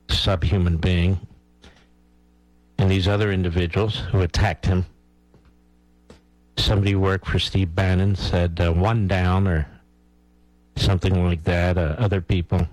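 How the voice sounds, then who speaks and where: Man, talk radio host, very low voice, blunt, emphatic, dry close sound. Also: a little mellow, dry recording, poor audio. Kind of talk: opinionated talk radio monologue.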